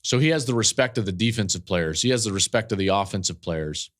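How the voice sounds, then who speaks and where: Guy, lowish voice, podcast host telling an emotional story, lots of ums and repeats. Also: animated, fast, a bit bright. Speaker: podcast host and football analyst.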